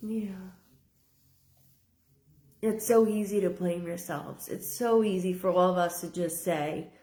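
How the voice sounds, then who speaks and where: A woman's voice: mid-range voice, unhurried, mellow, reverberant. A woman psychic medium giving a live reading in an earnest manner, often repeating her phrases and relaying a spirit's words in first person.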